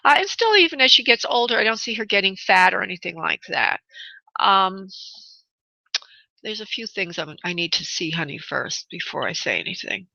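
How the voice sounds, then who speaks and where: A bright, crisp-sounding woman gives a psychic reading over the radio, speaking gently to the caller. Her voice is close and dry, with a slightly dull, muffled broadcast sound. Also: mid-range voice, very animated, normal speed, dry recording. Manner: soothing, calls caller honey and sweetheart. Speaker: psychic medium radio host. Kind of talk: live call-in reading. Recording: muffled radio phone-in audio.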